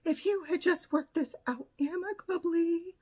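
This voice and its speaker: Woman putting on a shrill, fretful therapist. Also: measured pace, mellow. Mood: scolding. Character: flustered fretful female therapist.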